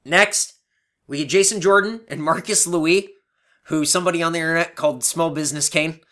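A man's voice: on the high side, fairly even intonation, brisk, bright, forceful tone. A man co-hosting a podcast, recapping a show in loose, chatty talk with lots of fillers and laughs. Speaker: podcast co-host. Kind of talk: casual chat recapping a show.

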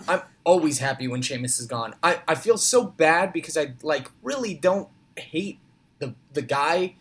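Joking guy talking wrestling from a hotel room, slightly high voice. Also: animated, moderate pace, breathy edge. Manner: jokey, breaks into goofy impressions. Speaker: podcast co-host. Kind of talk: casual wrestling recap chat.

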